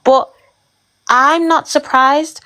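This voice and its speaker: A woman's voice: high voice, fairly even intonation, very slow, sharp tone. A woman on a panel in a heated debate, trying to see both sides and leaning on "like" as she talks. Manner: conciliatory, sees both sides, many "like" fillers. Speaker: panel guest.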